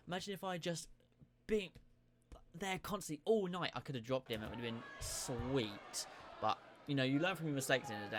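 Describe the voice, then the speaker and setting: A young man reacting to footage of his own boxing match, giving animated, self-critical play-by-play. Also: fairly high pitch. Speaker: boxing video creator. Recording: noticeable background noise.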